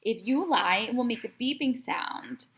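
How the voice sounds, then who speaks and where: A woman voicing a gruff, bossy adult male police officer who barks his questions. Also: a little high, lively intonation, normal speed, fairly bright tone. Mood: stern. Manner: barking, blustery interrogating.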